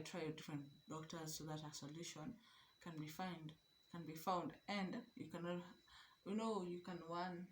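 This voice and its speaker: A young Kenyan woman telling her own story to camera in an animated, emphatic way, slipping Swahili phrases into her speech. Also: on the low side, slight background noise. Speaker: vlogger.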